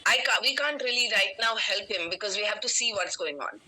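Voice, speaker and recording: A woman's voice: medium pitch, animated, brisk, pushed and bright, a little hiss or hum, poor audio. A woman voicing a doctor who hesitantly explains that nothing can be found wrong. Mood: puzzled. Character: puzzled mental health doctor.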